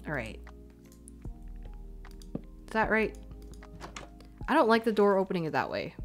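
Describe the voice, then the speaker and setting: A woman's voice: medium pitch, big pitch swings, measured pace, soft background music. A young woman with a Canadian accent, chatting casually on a live stream while she plays, thinking aloud and apologizing as she goes. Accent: Canadian English. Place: home room, stepping away from the mic at times. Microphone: desk microphone.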